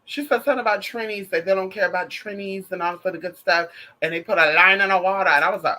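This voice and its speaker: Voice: medium pitch, fast, pushed and bright. A vlogger giving sassy, profane, gossipy pop culture commentary, calling the viewer girl and honey.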